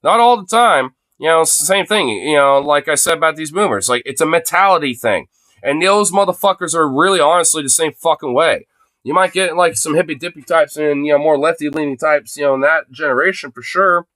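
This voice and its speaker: A man's voice: a little high, brisk, fairly bright tone, dry recording. A man in his late twenties livestreaming an angry, profane rant into a phone, packed with fillers like "you know" and "dude". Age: late 20s. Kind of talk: angry ranting monologue.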